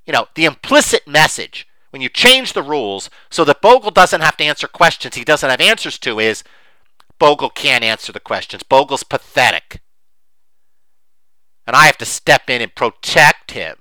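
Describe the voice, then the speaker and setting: Animated, bright-voiced middle-aged man. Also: fairly high pitch, moderate pace, no room sound. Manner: animated, emphatic, rambling with many fillers. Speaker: investing commentator. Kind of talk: unscripted monologue.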